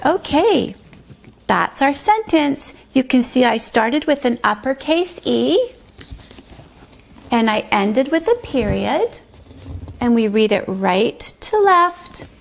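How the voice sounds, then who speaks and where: Preschool teacher lady, high voice with some gravel in it, talks slow and sing-songy to little kids. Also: big pitch swings. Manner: slow, sing-song, drawn-out words for small children. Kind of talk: pre-K circle time lesson.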